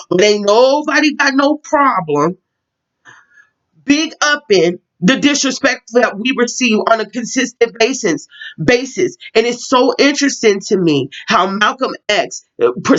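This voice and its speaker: A woman's voice: sits high, a bit bright, highs cut off. A woman vlogger ranting casually to camera, heated and profane, repeating herself, outdoors in windy weather.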